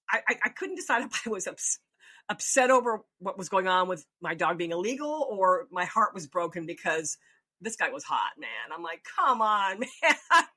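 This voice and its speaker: Lively, bright-voiced woman telling a story. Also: lowish voice, husky. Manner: animated, laughs often, acts out her own reactions. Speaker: storyteller host. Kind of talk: casual anecdote telling.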